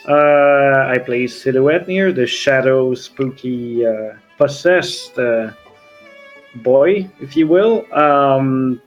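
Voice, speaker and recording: A man introducing himself as a player in a tabletop game, hesitant and halting, speaking over a video call. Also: mid-range voice, muffled recording. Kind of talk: casual self-introduction.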